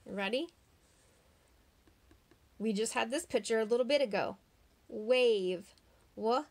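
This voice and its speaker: A woman teaching young children phonics online, drawing out the sounds of words and asking patient, encouraging questions. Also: a little high. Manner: slow, drawn-out sounding out of words.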